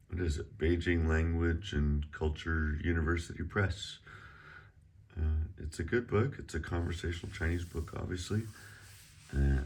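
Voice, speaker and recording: A middle-aged man teaching a casual online Chinese lesson, chatty and relaxed, drawing out the tones slowly as he models them. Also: a bass voice.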